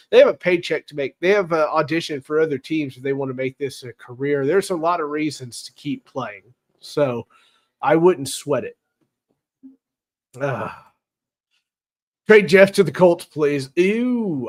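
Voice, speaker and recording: A man's voice: a little high, animated, normal speed. A man hosting a casual live-stream football recap, chatty and wry, teasing his chat with sarcasm. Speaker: sports show host.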